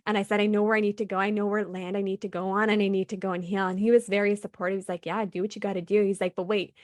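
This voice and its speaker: Speaking rapid-fire in a mid-range voice, a woman appears as an interview guest, animatedly recounting her personal story and acting out what she and others said, laughing between phrases. The recording is dry and studio-clean.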